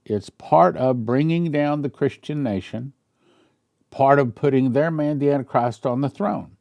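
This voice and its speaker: A man's voice: mid-range voice, a little slow, creaky, no room sound, lo-fi sound. A man who is a pastor, giving casual commentary in an emphatic way, with rhetorical questions and chuckling asides.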